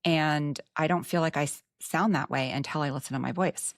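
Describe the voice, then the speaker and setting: A woman's voice: low-pitched, moderate pace, no room sound, studio quality. A woman with a Texan accent hosting a podcast chat, earnest and reflective with frank asides. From Texas. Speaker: podcast host. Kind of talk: casual podcast conversation.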